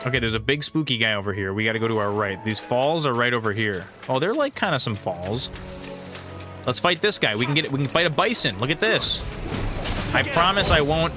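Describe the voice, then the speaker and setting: A man streaming a video game, chatting in an excitable, jokey, rambling way as he plays. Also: mid-range voice, fairly quick. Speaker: gaming streamer host. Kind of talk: casual let's-play commentary. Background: game music.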